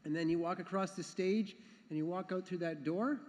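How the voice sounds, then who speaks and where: A man's voice: sits high, normal speed, a little mellow. A man speaking as the education council chair at a graduation ceremony, earnest and sometimes repeating himself. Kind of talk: ceremony speech. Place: large hall. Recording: long hall reverb.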